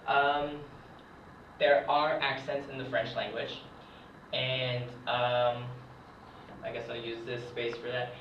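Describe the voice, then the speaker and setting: A man's voice: medium pitch, little pitch movement, takes it slowly, pauses often, a little hiss or hum. A young man giving a casual whiteboard lesson as a hobbyist French teacher, hesitant with many ums. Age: young adult. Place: room, writing at a board. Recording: echoey, distant, dull lo-fi camera audio.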